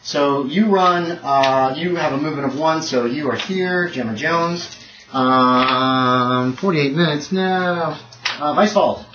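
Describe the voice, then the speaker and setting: A man serving as game master for a tabletop horror session, chatty and unpolished, full of ums and quick laughs. His voice sits a bit high and is picked up from across an echoey room. The recording is dull and lo-fi, with steady background noise. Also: distant mic. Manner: loose and chatty, lots of fillers, laughs often.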